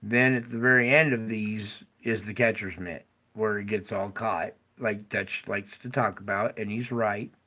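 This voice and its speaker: A man's voice: lowish voice, steady tone, bright, forceful tone, low-quality recording. A middle-aged man casually explaining earthquake activity over a map, who keeps slipping into fits of laughter. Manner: slow, drawling, breaks into fits of laughter. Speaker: earthquake forecaster.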